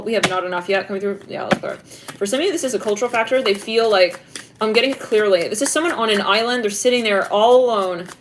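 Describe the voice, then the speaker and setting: A woman's voice: medium pitch, a little hiss or hum. Rambling, chatty woman giving a tarot reading. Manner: rambling and chatty, with frequent fillers and swearing; breaks into laughter, talks back to the messages she hears. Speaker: tarot reader. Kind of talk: casual intuitive reading to camera.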